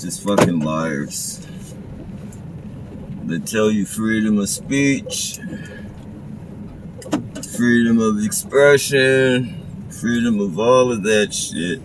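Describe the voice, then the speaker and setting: Deep-voiced man ranting in a car. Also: extremely slow, long pauses, noisy background. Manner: profane, agitated ranting. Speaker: live streamer. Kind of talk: ranting live stream from a car.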